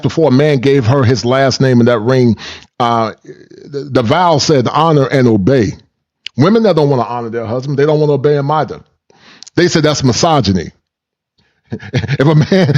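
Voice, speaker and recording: A man's voice: medium pitch, darkish tone. Middle-aged male commentator, preachy, repetitive, slightly muffled recording. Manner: preachy, repetitive, laughs at own points, folksy slang. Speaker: channel host and commentator. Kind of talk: reaction commentary.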